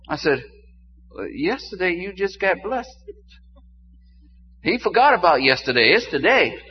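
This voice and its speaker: An older man preaching a sermon to his congregation, dropping low and quiet and then rising into loud exclamations. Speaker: pastor. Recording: dull muffled sound with faint hum.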